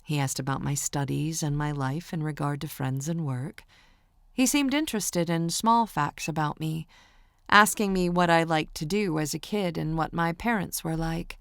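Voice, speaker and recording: A woman reads a first-person romance audiobook in a low voice with a touch of vocal fry. Her delivery is steady and intimate. The recording is close and dry, made in a studio booth. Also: normal speed, no room sound. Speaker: audiobook narrator.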